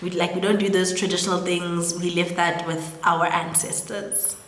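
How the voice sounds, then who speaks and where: A woman's voice: lowish voice, little pitch movement, normal speed, a bit bright, voice pushed down, close to an everyday voice. A woman voicing a modern wife who firmly lays down the house rules, with a South African accent. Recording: roomy echo with long reverb.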